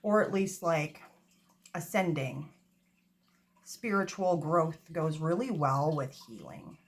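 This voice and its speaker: A woman's voice: low-pitched, slow. A woman giving a casual tarot reading, chatty and self-mocking, swearing freely, recorded on a phone. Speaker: tarot reader. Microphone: phone camera.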